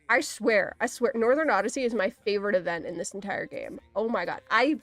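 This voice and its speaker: A woman's voice: a little high, no room sound. A woman livestreaming in casual, rambling chat, swearing easily and saying "like" a lot.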